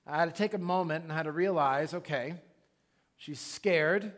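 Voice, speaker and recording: A man's voice: a little high, moderate pace. Conversational man preaching a sermon. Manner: conversational, animated preaching with asides. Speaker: pastor.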